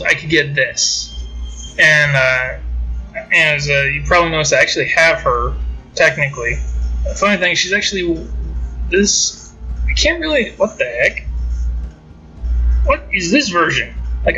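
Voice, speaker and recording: A man's voice: fairly high pitch, bright, forceful tone, husky, rough recording. A man chatting loosely through mobile game commentary, wandering from point to point as he clicks through menus. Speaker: gaming channel host.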